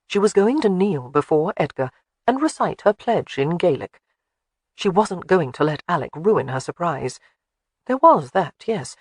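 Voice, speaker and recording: A man reading an audiobook in a measured, even way. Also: high voice, no echo. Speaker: audiobook narrator. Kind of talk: scripted narration.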